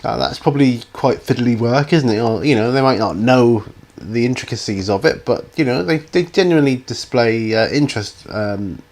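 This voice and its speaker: A man's voice: mid-range voice, normal speed, darkish tone. A middle-aged man, hosting a hobby channel's viewer Q&A in a rambling, hesitant way with many ums and restarts. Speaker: YouTube hobby channel host answering viewer questions. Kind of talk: casual Q&A chat.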